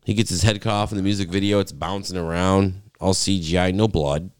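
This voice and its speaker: Deep-voiced young dude cracking dumb jokes, dry sound. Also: male voice, fairly quick, smooth, no room sound. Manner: goofy, deadpan jokes. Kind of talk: casual chat.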